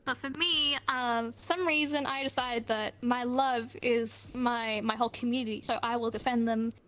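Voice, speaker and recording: A woman's voice: on the high side, steady tone, normal speed, fairly bright tone. A woman guest on a live online talk show, telling stories in a rambling, giggly way. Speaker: interview guest. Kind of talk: casual chat. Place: online voice chat.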